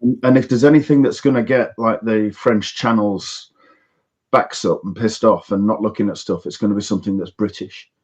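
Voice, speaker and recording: A man taking part as a guest in a casual live-stream panel chat, scornful and halting, with restarts, speaking over a video call. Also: lowish voice, fairly even intonation, a little mellow, slightly rough, muffled recording.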